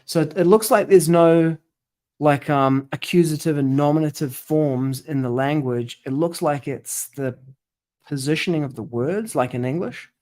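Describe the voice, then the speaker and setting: A man's voice: fairly high pitch, normal speed, darkish tone. A man working through a translation aloud, tentative and self-correcting as he muses over each word. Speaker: scripture study presenter.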